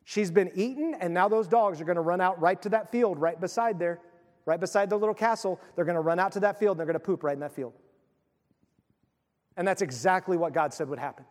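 A man's voice: sits high, brisk, in a large hall. A middle-aged male pastor preaching a sermon in a conversational, emphatic way.

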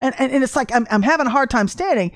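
Brief: middle-aged woman minister, bright higher voice, close dry mic, chatty testimony preaching. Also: fast talker, no echo. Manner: animated storytelling with laughs and acted quotes. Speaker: livestream minister. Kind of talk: informal testimony sermon.

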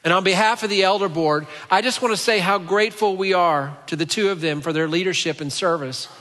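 Bright-voiced man preaching in a reverberant church. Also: high-pitched, a little fast. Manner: storytelling, dropping to hushed tones at emotional moments. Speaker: pastor. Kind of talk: sermon. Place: church sanctuary. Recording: church hall with long reverb.

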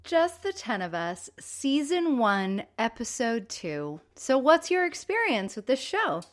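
Chatty woman co-host retelling an episode. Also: measured pace. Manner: animated storytelling with high-pitched acted-out quotes. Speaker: podcast co-host. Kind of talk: casual chat recapping a TV episode.

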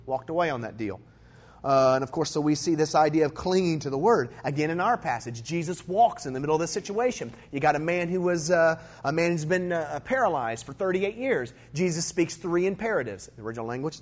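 Man preaching with emphatic swings. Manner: conversational preaching, swings from emphatic to low asides. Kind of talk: sermon.

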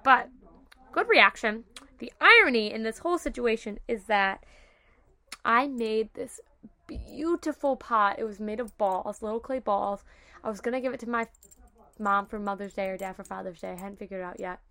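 Młoda kobieta, prowadząca podcastu, opowiada gadatliwie i z werwą; głos jasny, dość wysoki. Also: female voice, a little high, moderate pace. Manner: chatty, animated, fond of "like" and "oh my God". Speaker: podcast host. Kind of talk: casual storytelling.

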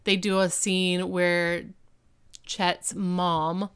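Woman podcaster rambling through a recap, super smooth clear voice. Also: fairly low pitch, flat delivery, drawn-out words, fairly bright tone. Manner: rambling retelling full of "like" and "um". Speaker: podcast co-host recapping an episode. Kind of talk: casual chat.

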